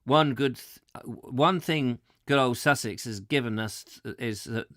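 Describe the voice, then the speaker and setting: A man's voice: mid-range voice, unhurried, a bit bright, no echo, studio quality, close to an everyday voice. A man voicing an ironworks guide who explains old trade history to a visitor. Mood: explaining. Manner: explaining, storytelling. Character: proud man guiding a visitor around an ironworks.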